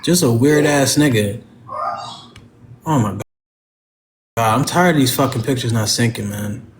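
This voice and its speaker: A man's voice: medium pitch, measured pace, slight background noise. A man hosting a livestream, venting angrily and profanely at commenters in his chat. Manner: heavily profane, agitated, talks straight to chat. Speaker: livestream host. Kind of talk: angry livestream rant to chat.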